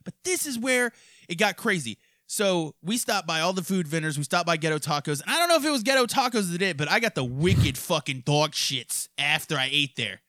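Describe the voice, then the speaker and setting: A man from hosting a podcast, telling crude stories in a rowdy, profane, animated way. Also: fairly high pitch, a little fast, no room sound, clean studio sound. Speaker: podcast host. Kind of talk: crude casual storytelling.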